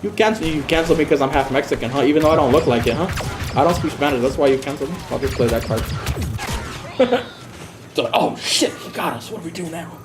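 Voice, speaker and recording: A man's voice: fairly high pitch, animated, brisk, noisy background. Heated, foul-mouthed male streamer rant. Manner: profane, heated ranting with mocking impressions. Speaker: live streamer. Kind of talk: casual livestream rant.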